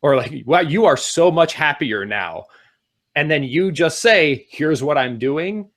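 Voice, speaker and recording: A middle-aged man co-hosting a talk show, giving casual advice and speeding up as he gets excited. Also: on the high side, a little slow. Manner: animated, speeds up when excited. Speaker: podcast co-host.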